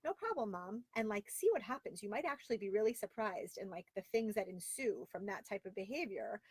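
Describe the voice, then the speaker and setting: A woman in her thirties chats candidly on a live stream, exasperated and quick with a running string of "like." Her voice sits at an ordinary middle pitch. The sound is close and dry, with no room around it. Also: expressive, slightly rough, no echo. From Florida, via Long Island. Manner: candid, exasperated and chatty, with lots of "like". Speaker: host of a live video show. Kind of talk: casual live-stream chat reading viewer comments. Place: home closet.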